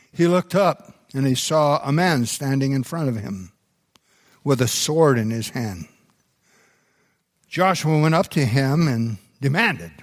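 A middle-aged man, a pastor preaching a sermon, telling stories in an unhurried way with some restarts. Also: medium pitch, no echo, studio quality. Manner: unhurried storytelling delivery with restarts.

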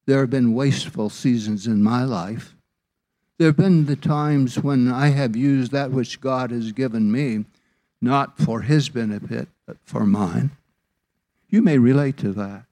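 A man preaching a sermon as pastor, slow and deliberate, lifting his voice for emphasis. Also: mid-range voice, warm tone.

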